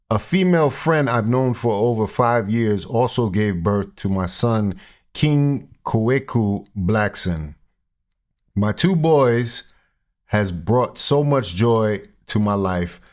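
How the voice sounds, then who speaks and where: A man putting on another man's accent to read a public apology aloud, slow and mock-formal. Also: on the low side, darkish tone.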